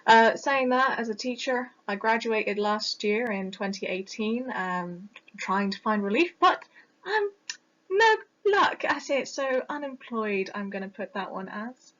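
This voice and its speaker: A woman's voice: mid-range voice, a little slow, hardly any pauses. A young woman, a recent teaching graduate, giving a reflective, self-deprecating personal video monologue. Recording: dull lo-fi mic that clips on loud moments.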